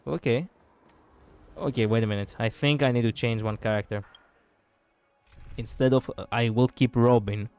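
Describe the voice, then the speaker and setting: A man's voice: medium pitch, steady tone, normal speed, pauses often, darkish tone, smooth, faint music behind. A man casually commenting as he streams a video game, chatty and swearing as he reacts.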